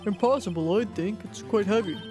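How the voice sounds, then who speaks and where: A woman voicing a solemn old male judge who speaks slowly and formally. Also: mid-range voice, over music, close to an everyday voice. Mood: measured.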